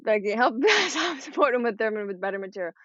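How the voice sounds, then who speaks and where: A woman's voice: on the high side, sing-song, brisk, fairly bright tone, slight background noise. A woman co-hosting a podcast in casual chat, rambling and swearing, laughing often as she talks. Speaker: podcast co-host. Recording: dry, dull lo-fi sound.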